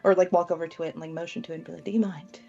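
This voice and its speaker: A woman with a warm, mellow voice plays in a tabletop game, hedging her words with plenty of fillers. The recording sounds dull and lo-fi, with faint music behind. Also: low-pitched, little pitch movement, racing, gravelly. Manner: hesitant, filler-heavy. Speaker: player. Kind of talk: casual tabletop play.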